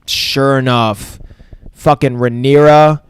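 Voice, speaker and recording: A man in a casual podcast chat, recapping an episode in a loose, swearing, rambling way. His pitch sits in the middle for a man. The sound is dry and close, with no room around it. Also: steady tone, slow pace, smooth, no echo. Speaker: podcast co-host.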